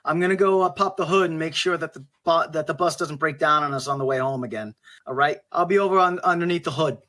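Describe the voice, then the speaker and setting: A man's voice: a little high, quick pace, sharp tone. A man voicing a brash, cursing teen scout. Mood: resigned. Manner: curses constantly, blunt and brash. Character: foul-mouthed teenage scout boy, a scrappy tinkerer. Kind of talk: tabletop role-play in character.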